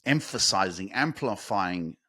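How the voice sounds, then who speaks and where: A man hosting a motivational podcast, talking fervently and emphatically, swearing for emphasis and building to fast, intense peaks. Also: low-pitched, expressive, sharp tone, no echo, studio quality. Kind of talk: motivational monologue.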